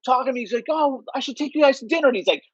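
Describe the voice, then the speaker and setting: A man's voice: very high-pitched, lively intonation, racing, breathy edge, dry recording, lo-fi sound. A man being interviewed, telling casual stories and filling them with "like" and "you know". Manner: rambling, heavy use of "like" and "you know". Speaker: interview guest. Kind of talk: casual storytelling.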